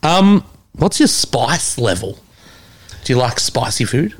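A man's voice: mid-range voice, slow. A man with an Australian accent chatting casually as podcast host, swearing often as he tells stories. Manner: swears a lot, animated storytelling. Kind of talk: casual chat.

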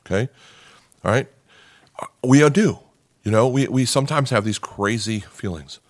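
A man's voice: mid-range voice, a little slow, no room sound, studio quality. A man preaching a sermon in an earnest, conversational way, often repeating words and checking in with "okay?". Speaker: pastor. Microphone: podcast microphone.

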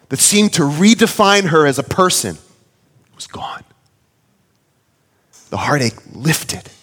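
A pastor in his thirties delivers an earnest sermon, his voice sitting a bit high and swinging widely in pitch. His words ring out with a long reverb from a large hall. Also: slightly rough. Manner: earnest storytelling, animated when quoting his child.

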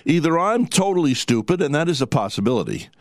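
A man's voice: on the high side, very animated, fast talker, dry recording, studio quality. A man, hosting a casual radio talk show in a chatty, folksy, rambling way. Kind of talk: casual radio interview chat.

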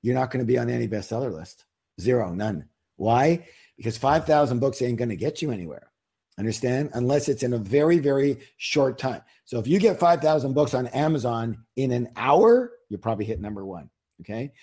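A man's voice: medium pitch, animated, fairly quick, dark tone, slightly rough. A man, an author, talking as an interview guest in a casual, emphatic, salesy way, firing rhetorical questions at listeners.

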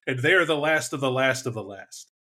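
A man in casual conversation about tabletop games, animated and quick to act out voices. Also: mid-range voice. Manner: animated, acts out voices and shouts in bursts.

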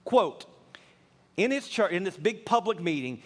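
High-voiced fervent preaching man. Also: sing-song, measured pace, long pauses. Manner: earnest, builds from quiet asides to fervent appeals. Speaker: pastor. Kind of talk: sermon.

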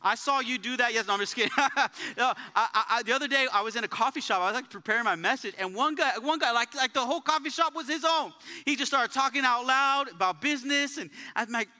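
A man preaching a sermon as pastor, talking in a casual, energetic way, with jokes and personal stories. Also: very high voice, fast talker, few pauses. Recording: live church sanctuary with long reverb.

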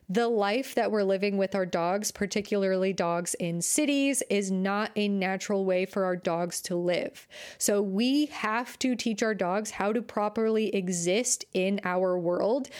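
A young woman talks through her dog-walking mishaps in a loose, chatty way, dropping "like" constantly. Her pitch sits in a middle range for a woman. She slips into quick impressions of other people as she tells it. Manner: chatty, frequent "like" fillers, animated quoted voices. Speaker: dog trainer podcast host. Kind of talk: casual storytelling monologue.

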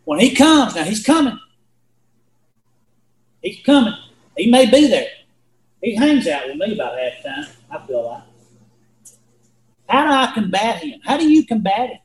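A man preaches in a high, earnest voice, folksy and full of questions to his listeners. His voice rings through a roomy hall. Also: big pitch swings, moderate pace, long pauses. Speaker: Bible teacher. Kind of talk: sermon.

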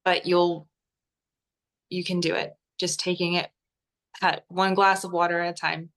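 A woman author as an interview guest, speaking gently and reassuringly, pausing with fillers. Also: fairly low pitch, flat delivery. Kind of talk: interview answers.

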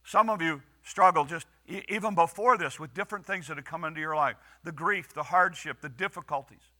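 A man preaching a sermon as pastor, earnest with dramatic pauses and raised quoted lines. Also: a little high, bright, forceful tone.

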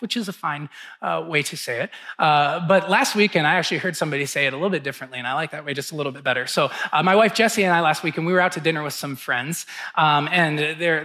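A male pastor in his thirties preaching in a relaxed, conversational way. His voice sits high and sounds bright. He tells stories and acts out the lines people said. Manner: conversational storytelling, acts out quotes. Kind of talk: sermon.

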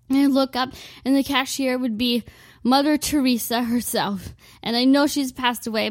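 A woman's voice: high voice, darkish tone, dry recording, studio quality. A young woman telling a self-mocking comic story, rambling and dramatic, with lots of "like". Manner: dramatic, exaggerated delivery.

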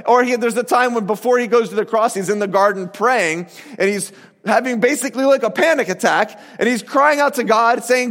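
A man preaching a sermon as a pastor, animated and conversational, acting out quoted voices. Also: very high-pitched, fairly quick. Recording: reverberant hall.

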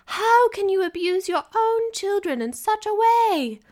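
A woman voicing a fretful middle-aged mother who shrieks her complaints in a shrill, loud, hysterical voice for an audiobook. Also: lively intonation, unhurried. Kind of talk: audiobook character voice.

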